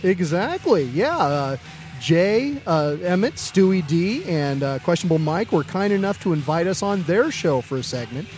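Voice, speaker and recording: A man's voice: high voice, very animated, moderate pace, a little mellow, faint music behind. A man co-hosting a podcast, chatting casually and telling jokes, swearing freely and using a lot of fillers. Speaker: podcast co-host. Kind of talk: casual chat and joke telling.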